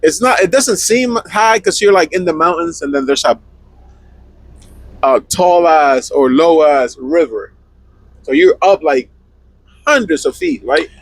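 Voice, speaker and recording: Young male co-host with a Spanish accent, laid-back and joking, bright animated voice, dry close mic. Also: fairly high pitch, measured pace, long pauses, dry recording, rough recording. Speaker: podcast co-host, truck driver. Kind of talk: casual chat.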